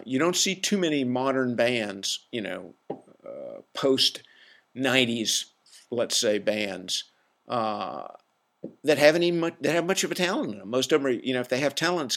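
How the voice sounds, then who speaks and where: A man hosting a solo podcast delivers a casual, opinionated, rambling rant with self-deprecating self-awareness. His medium-pitched voice is creaky and fairly bright, with lively intonation at normal speed.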